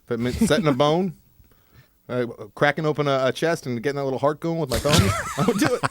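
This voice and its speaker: A man co-hosting a casual podcast, telling a long story with lots of swearing and sudden jumps in pitch. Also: fairly quick, a little hiss or hum. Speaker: podcast co-host. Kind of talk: casual chat.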